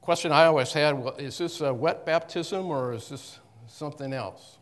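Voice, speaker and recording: A man teaching the Bible to a congregation in a conversational way, pausing and correcting himself often. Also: a little high. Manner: halting, with frequent restarts and self-corrections. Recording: long reverb of a hall.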